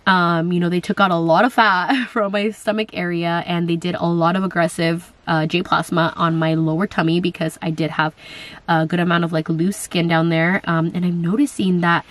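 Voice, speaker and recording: A woman's voice: fairly low pitch, flat delivery, normal speed, dry recording. A young woman in casual chat, answering viewer questions on her vlog, talking in a chatty way with lots of fillers and quoted asides.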